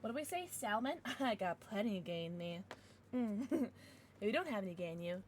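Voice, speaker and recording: Brief: woman game streamer, high and bouncy, shrieky, chats with viewers. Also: takes it slowly, pauses often, a little hiss or hum. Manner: excitable, shrieks and laughs; chatty, swears, thanks chat. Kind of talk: live gameplay commentary.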